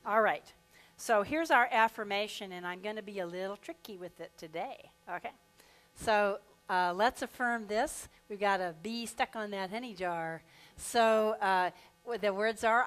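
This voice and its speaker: Lady minister preaching at church, mid-pitched voice, stretches out the affirmations slow and then perks up telling a little poem. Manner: leads the congregation in slow, drawn-out affirmations; reads a rhyming poem aloud with lively expression. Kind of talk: sermon. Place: church sanctuary.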